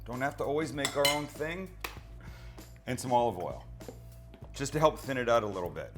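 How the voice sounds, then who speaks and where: A man's voice: mid-range voice, lively intonation, normal speed, music in the background. A middle-aged man hosting a cooking show from his home kitchen, chatty and teasing, answering his own questions. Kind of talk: casual cooking demonstration. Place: home kitchen with low ceilings. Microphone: handheld mic held close at times.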